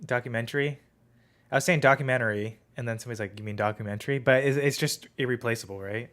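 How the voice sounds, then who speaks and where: A man's voice: medium pitch, very fast, a bit bright. A young man hosting a podcast, telling a rambling story in casual chat with lots of fillers. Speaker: podcast host.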